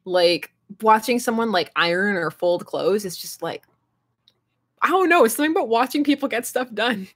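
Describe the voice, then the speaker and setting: A woman's voice: on the high side, expressive, normal speed, husky. Giggly young woman chatting on stream. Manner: giggly, rambling, laughs often; reads and answers chat aloud. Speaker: live streamer. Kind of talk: casual live-stream chat.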